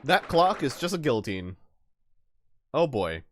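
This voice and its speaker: A man's voice: medium pitch, very animated, unhurried, slight background noise. A man streaming a story game, talking casually in a playful, self-deprecating way while he thinks aloud. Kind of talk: casual game let's-play commentary.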